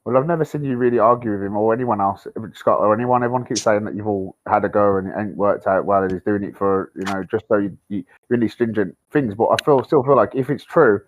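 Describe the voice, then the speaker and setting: A man with a Birmingham accent in an online debate, rambling and halting, searching for his words and quick to take offence. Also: fairly low pitch, no room sound, phone-quality sound. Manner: rambling, halting, easily riled. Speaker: debater on a live stream.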